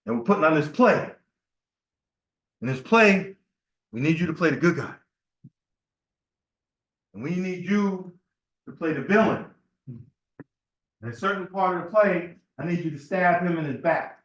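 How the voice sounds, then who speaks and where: Man, temple speaker, high voice, loose storytelling sermon, roomy hall sound. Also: lively intonation, unhurried, pauses often, a bit bright. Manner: conversational, storytelling, asks the room "right?". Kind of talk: informal sermon talk.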